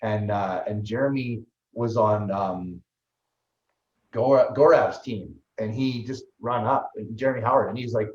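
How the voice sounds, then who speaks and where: A man, a guest on an interview show, telling his story in a lively, fast way with many restarts. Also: lowish voice. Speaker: guest, ultraman athlete and trainer. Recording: roomy, slightly dull sound.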